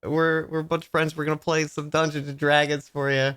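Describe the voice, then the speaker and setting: A man's voice: fairly high pitch, little pitch movement, fairly quick, a bit bright, smooth. A man hosting a live-streamed tabletop game, giddy and talking with stammered restarts. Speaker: game master and streamer host. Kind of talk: casual live-stream chat.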